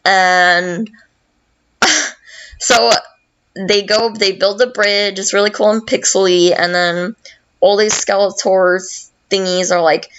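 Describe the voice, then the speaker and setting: A woman's voice: mid-range voice, fairly even intonation, takes it slowly, pauses often, fairly bright tone, smooth, muffled recording. A woman hosting a podcast, casually recapping a video game in a rambling, profane way full of fillers. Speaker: podcast host.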